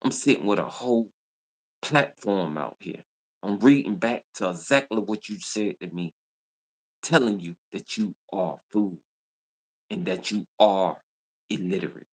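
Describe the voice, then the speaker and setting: A deep-voiced livestream host talks a little slowly as he scolds his viewers. His monologue is a repetitive, confrontational rant.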